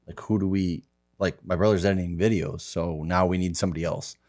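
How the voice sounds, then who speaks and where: A man guest in a casual podcast chat, relaxed and rambling, swearing casually. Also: deep voice, brisk.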